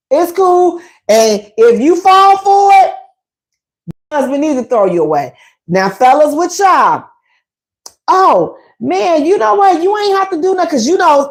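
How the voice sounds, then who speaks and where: A woman hosting a radio talk show with a high-pitched voice. She speaks frankly and colloquially, addressing her listeners directly. Her delivery is sassy and animated, with preachy, dramatic emphasis. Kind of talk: frank relationship talk to a live audience.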